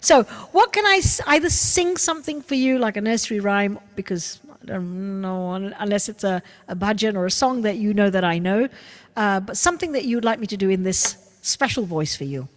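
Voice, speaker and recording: A woman hosting an online show over a video call, chatting warmly and gushingly with a young guest. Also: mid-range voice, animated, fairly quick, big-room sound. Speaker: host. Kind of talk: casual chat on a video call.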